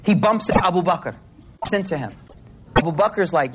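High-voiced man preaching in slangy style. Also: fairly quick. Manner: slangy, animated, swings between hushed and loud. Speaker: religious speaker. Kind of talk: informal religious talk. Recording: noisy recording with clicks.

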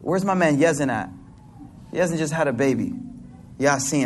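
A man preaches a sermon, keeping it loose, slangy and conversational with playful asides. His voice sits a little higher than most men's. A faint hum of room ambience lies underneath. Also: animated, moderate pace, pauses often. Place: hall with a live congregation.

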